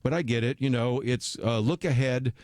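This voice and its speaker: A man's voice: mid-range voice, moderate pace, a little mellow, dry recording, studio quality. A man hosting a radio talk show, giving opinionated commentary in a conversational way with frequent fillers. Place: radio studio.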